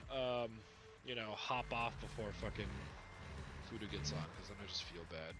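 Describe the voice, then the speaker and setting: A man bantering crudely on a call with a friend, teasing and swinging between loud and quiet. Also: fairly low pitch, normal speed, over music. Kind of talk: casual banter.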